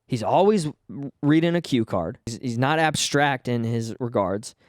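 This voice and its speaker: A man's voice: medium pitch, expressive, moderate pace, dry recording, clean studio sound. Fired-up man ranting on his podcast. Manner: fired-up, swearing, stumbling restarts. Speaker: podcast host. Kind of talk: casual solo podcast rant.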